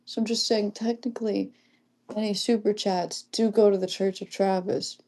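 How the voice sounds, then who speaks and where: A young woman livestreaming in a casual chat, reading comments aloud, often giggling and keeping her voice hushed. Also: medium pitch, fairly even intonation, moderate pace.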